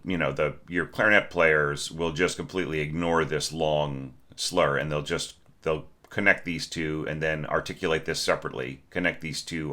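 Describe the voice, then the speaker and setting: A man's voice: a bass voice, sharp tone. A man teaching orchestration, going through a student's score in a conversational way, often checking in with "right?" and humming phrases to show them. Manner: conversational, many fillers and "right?" tags; sings phrases to show inflection.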